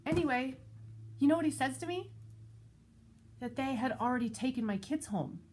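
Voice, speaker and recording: A woman with a slightly high, husky, breathy voice tells a story from her own life. Her delivery is casual and animated, jumping up in pitch when she is exasperated. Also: normal speed. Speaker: vlogger telling a personal story; parent of school-age kids.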